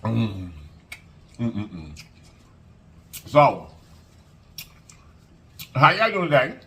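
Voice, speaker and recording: A man's voice: medium pitch, extremely slow. A man hosting a casual eating vlog, folksy and chatty, humming as he eats. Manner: lively, folksy, hums while eating. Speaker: mukbang host.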